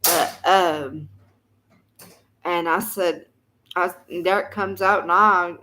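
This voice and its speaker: A woman's voice: lowish voice, a little slow, bright, forceful tone, a little hiss or hum, rough recording. A woman telling a long personal story to the camera in a casual, folksy, rambling way, full of "you know".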